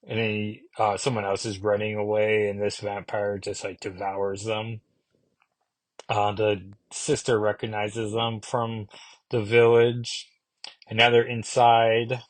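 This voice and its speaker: A man's voice: lowish voice, completely flat delivery, slow pace, no room sound. A casual man reviewing comics, dry sound. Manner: rambling, with many fillers and self-corrections.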